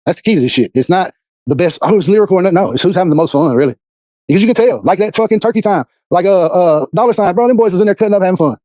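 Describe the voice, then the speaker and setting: A man in an interview clip talking about making music with a partner, animated and emphatic. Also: high-pitched, rapid-fire, dry recording. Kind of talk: casual interview talk.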